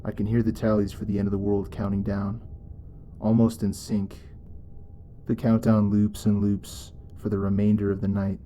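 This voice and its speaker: Low, flat-voiced male narrator. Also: normal speed, slight background noise. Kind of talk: scripted narration.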